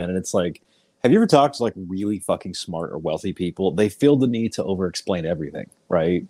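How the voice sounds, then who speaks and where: A man with a fairly low voice talks in a loose, profane, emphatic way. He slips into little acted-out quotes as he makes his point. The sound is dry and close. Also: animated, brisk, darkish tone, no room sound. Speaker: podcast co-host. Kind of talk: casual chat.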